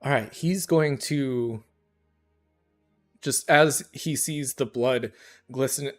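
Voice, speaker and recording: A man narrating as dungeon master, lively and quick to laugh. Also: medium pitch, soft background music. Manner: laughing often, animated narration. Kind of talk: narrating a tabletop game.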